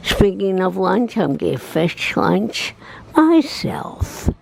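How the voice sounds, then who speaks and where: A woman's voice: mid-range voice, lively intonation, takes it slowly, creaky, a little mellow, poor audio. A woman chatting casually as she walks through a record shop, recording a vlog on a handheld phone, rambling and laughing easily. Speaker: vlogger and DJ. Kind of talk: casual walking-tour vlog. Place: record shop, indoors, walking around.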